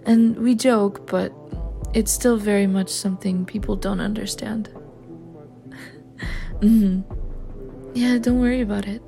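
A woman as a slow, mellow comforting girlfriend. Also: a little high, steady tone, faint music behind. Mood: gentle. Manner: gentle, reassuring and lightly teasing. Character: caring young woman comforting her partner. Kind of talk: audio role-play.

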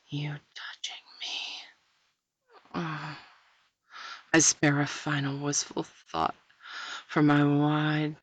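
A woman reading a first-person erotic story aloud in a sultry, breathy manner that slips into whispers. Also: deep voice, no echo, lo-fi sound. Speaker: narrator.

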